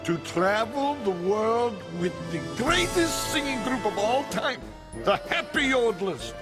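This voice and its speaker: A big gentle German-accented woodsman. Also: very high voice, sing-song, full character voice. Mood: earnest. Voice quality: slow, formal, stiff phrasing. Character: big gentle male woodsman, earnest aspiring actor. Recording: film soundtrack with loud music behind.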